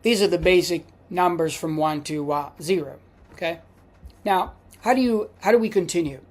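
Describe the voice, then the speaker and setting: A man with an Italian accent teaching pronunciation in a video lesson, patient and repeating each word, with frequent "uh" pauses. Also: high voice. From Italy. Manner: slow, patient, repeats words for practice; frequent hesitations with uh. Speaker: language teacher.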